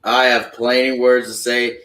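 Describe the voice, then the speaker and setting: A young man in a casual chat, drawling and quick to laugh. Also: mid-range voice, flat delivery, bright, forceful tone, roomy sound, poor audio. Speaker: co-host.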